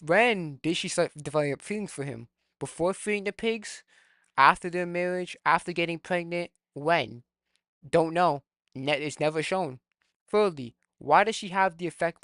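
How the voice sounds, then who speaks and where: A man's voice: a little high, fairly bright tone, no echo, studio quality. A man in casual, opinionated chat, arguing his points heatedly and reading them off his notes one by one. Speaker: video talk participant.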